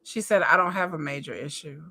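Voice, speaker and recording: A woman's voice: low-pitched, fairly quick, sharp tone. A woman giving casual reaction commentary on a reality show, chatty and repetitive, swearing and talking straight to her viewers. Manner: chatty, repeats herself, swears, addresses viewers as y'all.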